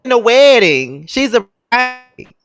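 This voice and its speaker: Woman, tipsy host, slightly high voice, very expressive, casual group chat. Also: slow pace. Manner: sings snippets and laughs a lot. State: a little tipsy. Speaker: podcast host.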